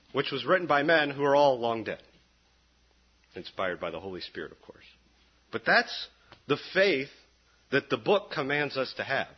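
Husky, animated male preacher. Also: lo-fi sound. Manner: animated, sarcastic jabs, quick pitch jumps. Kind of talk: sermon.

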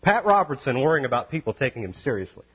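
A man preaching a sermon, reading scripture calmly, then building to loud, emphatic, high-pitched exhortation. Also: fast, slightly rough. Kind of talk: impassioned sermon. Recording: dull lo-fi recording.

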